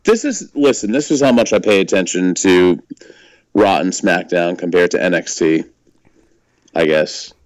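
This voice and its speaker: A man's voice: low voice, expressive, measured pace, no room sound, poor audio. A man co-hosting a podcast, rambling and laughing a lot as he swears his way through casual wrestling chat. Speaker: podcast co-host.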